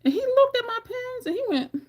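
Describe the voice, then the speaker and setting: A middle-aged woman telling personal stories casually, laughing often and mimicking others in a squeaky voice. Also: sing-song, fairly quick. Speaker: storytelling vlogger.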